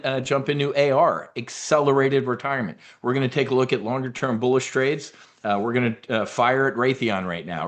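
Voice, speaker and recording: A middle-aged man hosting a live trading webinar, brash and blunt, swearing now and then and using military slang. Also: mid-range voice.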